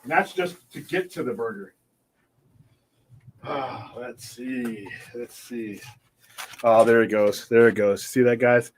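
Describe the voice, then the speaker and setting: A man's voice: medium pitch, takes it slowly, long pauses, a little hiss or hum. A man from California hosting a live stream, chatting loosely and greeting viewers by name. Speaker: host of a live stream show. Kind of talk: casual live-stream chat.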